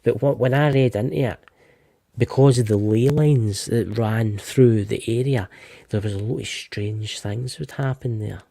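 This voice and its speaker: A man's voice: mid-range voice, measured pace, vocal fry, dark tone, no room sound. A Scottish man co-hosting a casual live stream about ghost lore, chatty and often restarting his words. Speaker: co-host. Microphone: remote live-stream call.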